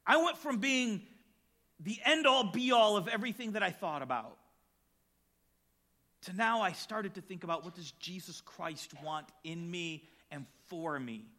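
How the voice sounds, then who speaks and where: Middle-aged preacher guy, high voice, swings all over the place telling his story. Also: a little slow. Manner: animated storytelling, acts out shouts and voices. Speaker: pastor. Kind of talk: sermon with personal story and scripture reading.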